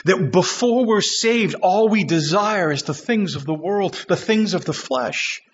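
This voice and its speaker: A man preaching a sermon with passion, swinging from shouts to low, hushed tones. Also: animated, unhurried, husky, muffled recording.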